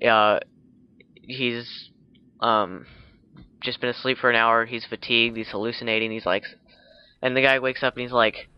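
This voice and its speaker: A man's voice: mid-range voice, steady tone, normal speed, pauses often, clear, resonant tone, muffled recording. A man casually retelling a film's plot for a video, rambling with lots of fillers and restarts, with teasing asides. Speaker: video blogger.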